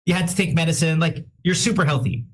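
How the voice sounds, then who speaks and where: A male radio host in casual chat, reading out listener shout-outs with quick self-deprecating asides and a slightly sick-sounding voice. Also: on the high side, fairly even intonation, slight background noise. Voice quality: says he sounds a bit sick.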